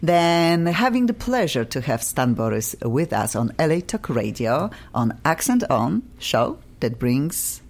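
Polish-accented radio host, middle-aged woman, gushing and chatty, low voice, very lively pitch. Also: measured pace, hardly any pauses. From Poland. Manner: effusive, laughs often, restarts sentences. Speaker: radio talk show host.

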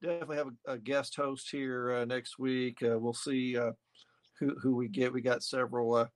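Man, medium pitch, easygoing host who repeats himself and wraps up the show. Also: level tone, moderate pace. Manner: laughs along, repeats words, many fillers. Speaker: podcast host. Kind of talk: casual chat.

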